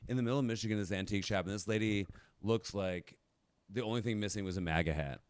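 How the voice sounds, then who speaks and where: Excitable, low, smooth-voiced man. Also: fast talker, no room sound. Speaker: podcast co-host. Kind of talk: casual podcast chat.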